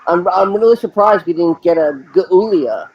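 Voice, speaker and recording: A man's voice: sits high, fairly quick. A man co-hosting a podcast in casual banter, tossing in teasing jokes. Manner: teasing, joking asides. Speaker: podcast co-host. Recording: dull lo-fi audio with faint noise.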